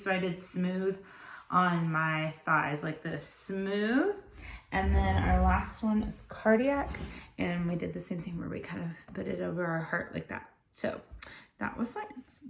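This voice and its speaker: A tired woman tutor chatting her way through a lesson, explaining each step to other parents. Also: medium pitch. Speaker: homeschool tutor. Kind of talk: casual instructional video.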